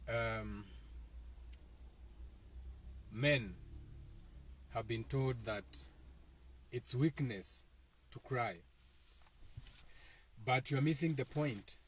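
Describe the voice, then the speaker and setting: Kenyan male host, mid-pitched voice, loose rambling wellness talk, repeats himself often. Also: extremely slow, pauses often, a little hiss or hum. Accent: Kenyan, Kikuyu-speaking. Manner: loose, repetitive, meandering speaking with fillers. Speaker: host of a self-help talk. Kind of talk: casual spiritual talk to viewers.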